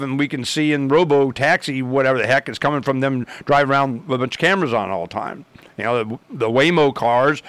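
A man's voice: medium pitch, fairly bright tone, clear, resonant tone, no room sound. A man rambling through a casual story, acting out both sides of the conversations in his own voice.

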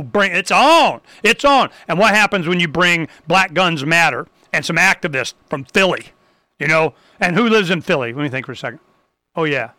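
A man hosting a talk show, delivering a rambling, fired-up rant with sudden loud, emphatic bursts. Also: sits high, dry recording. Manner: loose and rambling, with restarts. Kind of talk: ranting talk show monologue.

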